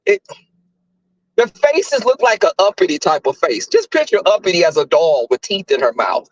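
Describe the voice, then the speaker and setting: A man hosting a casual commentary chat, telling stories in a profane, animated way. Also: high voice, normal speed, dry recording, dull audio.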